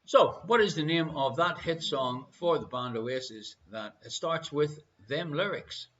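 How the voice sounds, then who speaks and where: A man with an Irish accent hosting a live online quiz, playful and repeating each question slowly. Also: fairly high pitch, expressive, a bit bright, lo-fi sound. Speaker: quiz host.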